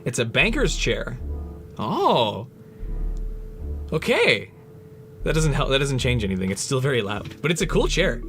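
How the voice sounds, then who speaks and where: A man's voice: medium pitch, sing-song, a little slow, long pauses, a bit bright. A man talking casually on a livestream while painting, joking and answering chat. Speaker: streamer and prop maker. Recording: music playing under the voice. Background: background music.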